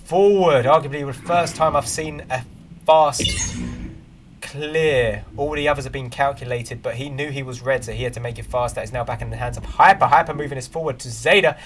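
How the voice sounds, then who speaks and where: A man commentating an esports match play-by-play, close on the mic, with music playing behind him. His voice sits in a middling pitch, and he breaks into loud excited bursts on the big plays. Between calls he chats casually to the viewers. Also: brisk. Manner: chatty asides to viewers.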